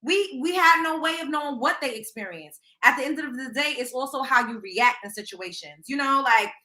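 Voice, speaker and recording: Young woman hosting a gossip stream, high bright voice, blunt and cussing, echoey room. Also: normal speed. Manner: blunt, animated, swears freely, acts out quotes. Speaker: host of a celebrity gossip livestream. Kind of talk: casual opinionated commentary.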